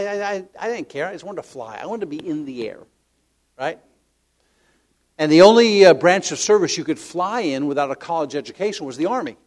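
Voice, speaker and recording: An older man preaching a sermon, telling stories with lively acted-out inner voices and soft tender asides, often repeating words as he searches. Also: fairly high pitch. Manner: animated storytelling, acts out inner voices, drops to soft tender tones. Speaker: pastor.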